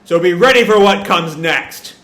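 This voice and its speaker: A man's voice: high-pitched, moderate pace, a bit bright. A man voicing a scornful demon god who declaims his contempt for humans. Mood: contemptuous. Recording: echoey room.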